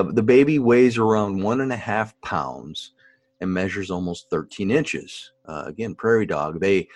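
A man's voice: on the low side, no room sound. A man co-hosting a podcast, chatting casually and animatedly with his co-host, laughing often. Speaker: podcast co-host, expectant father. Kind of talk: casual chat.

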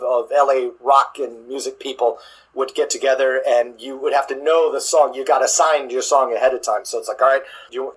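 A man, a drummer, chatting in an interview, halting with many restarts and fillers. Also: mid-range voice, slightly rough, rough recording. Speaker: guest drummer. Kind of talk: casual interview chat.

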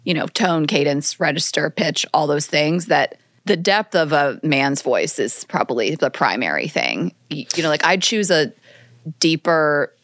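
Woman with a very low, dry voice. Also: animated, measured pace, fairly bright tone, dry recording. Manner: easygoing, laughs while talking. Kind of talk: casual podcast chat.

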